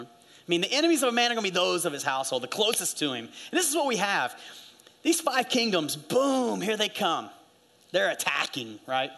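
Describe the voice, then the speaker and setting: A middle-aged man preaching a sermon, telling stories with animated swings and acting out the voices of the people he quotes. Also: high-pitched, normal speed. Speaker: pastor.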